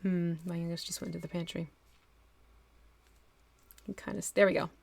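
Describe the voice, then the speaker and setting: A woman's voice: on the low side, level tone, normal speed, gravelly, darkish tone. A woman from northwestern New Jersey with a local accent, chatting casually and laughing easily as she demonstrates miniature painting on a live stream. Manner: chatty, laughs easily, thinks aloud while working.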